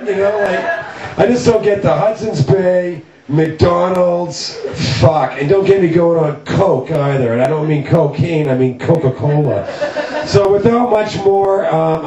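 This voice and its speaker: A man's voice: sits high, darkish tone. A middle-aged man from Canada hosting a comedy night, talking in a rambling, profane, self-mocking way with lots of fillers. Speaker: comedy show host. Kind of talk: stand-up style intro monologue. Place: loft art studio with live audience. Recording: distant, roomy, dull lo-fi camera audio.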